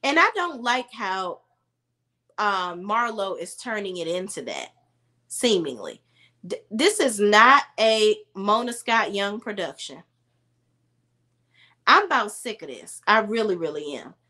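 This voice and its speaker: A woman's voice: medium pitch, sing-song, a little slow, sharp tone. A woman giving opinionated, casual commentary as she recaps a reality TV episode. She talks bluntly and with exasperation, in a slangy storytelling style.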